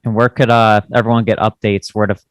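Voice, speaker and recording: A man co-hosting a podcast, asking brisk questions in casual chat. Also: lowish voice, flat delivery, clear, resonant tone, dry recording, clean studio sound. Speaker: podcast co-host.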